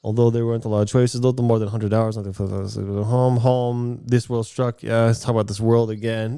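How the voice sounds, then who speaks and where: A man's voice: medium pitch, flat delivery, a little fast, hardly any pauses, dark tone, smooth. A man reading a visual novel aloud during a let's play, mixing the narration with joking asides and laughs.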